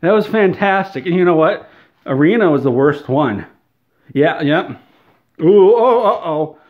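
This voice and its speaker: A man's voice: a little high, expressive, a little slow, highs cut off. Man in an over-the-top mock rant. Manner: mock-outraged, exaggerated whiny ranting. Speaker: comedy video creator. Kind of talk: satirical rant to camera.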